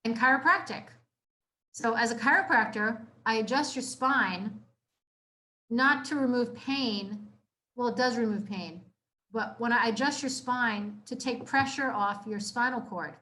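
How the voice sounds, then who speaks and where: A young adult woman chiropractor giving an informal health talk to a live audience, casual and earnest, repeating herself and filling pauses with "like" and "you know.". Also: on the high side, sharp tone. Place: community room, live audience.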